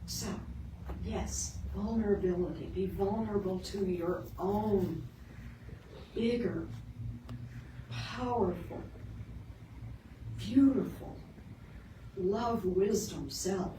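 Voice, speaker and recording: Middle-aged woman minister, story-driven sermon, slow delivery, recorded far off in a roomy hall. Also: mid-range voice. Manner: lively storytelling, shifts into soft earnest emphasis. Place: sanctuary of a spiritual center. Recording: roomy, distant, with background noise.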